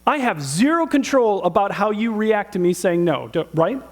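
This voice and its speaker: A middle-aged man preaching a sermon in a church, conversational and animated, asking the audience rhetorical questions. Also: sits high, normal speed. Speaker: pastor.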